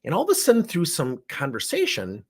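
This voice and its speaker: A man's voice: on the high side, brisk, breathy edge. A middle-aged man who trains coaches, telling a story in a session and acting out the dialogue with theatrics. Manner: animated, acts out dialogue with theatrics.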